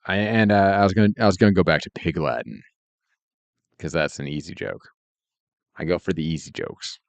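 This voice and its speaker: Chuckling frequently, a man chats in a laid-back, meandering way while streaming himself working. He has a low, creaky voice and a brisk pace, and the audio is dull with no room sound.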